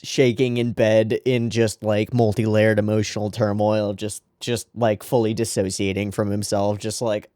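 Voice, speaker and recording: A man's voice: on the low side, steady tone, unhurried, darkish tone, clean tone, dry recording, studio quality. A man hosting an anime reaction show, talking casually and emotionally and swearing freely as he comments.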